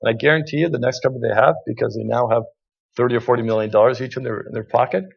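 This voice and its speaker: A man's voice: medium pitch, steady tone, racing, vocal fry, husky. A man on a conference panel, telling a business anecdote with many restarts and repeated words. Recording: muffled lo-fi sound.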